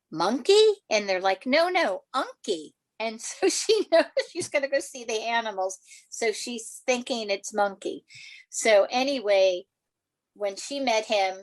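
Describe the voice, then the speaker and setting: Lively older woman telling family stories. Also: no echo. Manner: animated, laughing, acts out quotes in a high voice. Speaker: children's author. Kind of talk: storytelling in a podcast interview.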